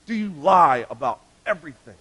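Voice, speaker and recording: A male pastor preaching a sermon, emphatic, swinging between loud urgent lines and hushed ones. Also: on the high side, expressive, fairly quick, breathy edge.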